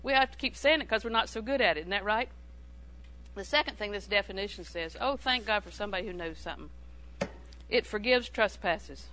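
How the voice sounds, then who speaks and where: A woman's voice: medium pitch, fairly quick, sharp tone, poor audio. A woman preaching a sermon in a humorous, conversational way, repeating phrases for emphasis.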